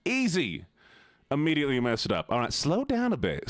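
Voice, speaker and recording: Playful male streamer, lively voice. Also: fairly high pitch, a little fast, dry recording, studio quality. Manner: playful, teasing, greets chat by name. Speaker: livestreamer. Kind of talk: casual live-stream chat.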